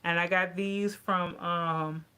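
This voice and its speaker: Bright-voiced woman chatting animatedly. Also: fairly low pitch, slow, smooth. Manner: animated, ranting, talks to viewers as y'all. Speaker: vlogger. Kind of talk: casual chat to camera.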